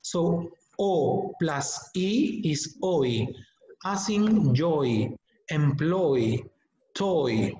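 A man teaching English pronunciation in an online webinar, modeling words slowly and deliberately for students to repeat. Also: fairly high pitch, lively intonation, warm tone, slight background noise. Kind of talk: online webinar lesson, drilling sounds. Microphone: computer mic on a video call. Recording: echoey, dull lo-fi webinar audio.

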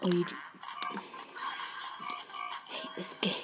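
A woman's voice: mid-range voice, steady tone, a little slow, music in the background. A woman giving let's play commentary on a game, easily frustrated, blurting out exclamations and swears at the screen, then apologizing. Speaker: gaming channel host.

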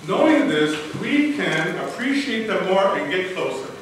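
A man's voice: sits high, big pitch swings, unhurried, background noise. An older man giving a prepared speech at a speech contest, telling a personal story in an earnest, dramatic way, picked up by a distant mic in a large hall. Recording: echoey hall from far off, faint ambience.

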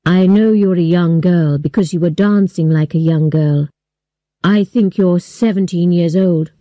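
A woman's voice: lowish voice, unhurried, dark tone, no room sound, highs cut off, lightly acted. Mean smug older man, read by a woman. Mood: pushy.

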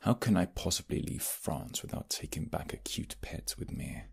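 A man doing a sly British noble rival, very deep, gravelly, raspy, slow and smug. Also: full character voice. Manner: mocking, smug, threatening. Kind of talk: audio role-play.

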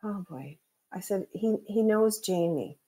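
Guest, woman, mid-pitched, chatty anecdotal delivery, casual podcast talk. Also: animated, unhurried, warm tone. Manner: chatty anecdotes with laughs and acted quotes. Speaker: guest, psychic medium. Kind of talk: casual storytelling chat.

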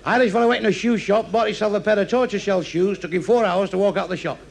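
Crude Mancunian man with gravelly high voice. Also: slight background noise. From England. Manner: rapid-fire, crude, deadpan punchlines. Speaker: stand-up comedian. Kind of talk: stand-up joke telling.

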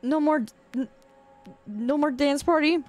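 A woman streaming a horror game, shouting exasperated protests at her viewers' gifts, recorded on a desk microphone at home. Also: high voice, a little slow. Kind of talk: reacting to viewer gifts while gaming. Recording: stream audio with loud music behind.

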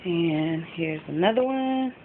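A woman's voice: lowish voice, animated, slow. A woman vlogging at home as a mom, chatting casually through a thrift haul with frequent ums. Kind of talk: casual show-and-tell chat. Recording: phone-like lo-fi with faint background noise.

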